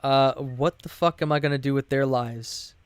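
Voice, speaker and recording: A man's voice: mid-range voice, steady tone, moderate pace, smooth, natural voice. A man voicing a cocky teenage thieves guild leader in a retold tabletop game, brusque and profane, close to his own voice.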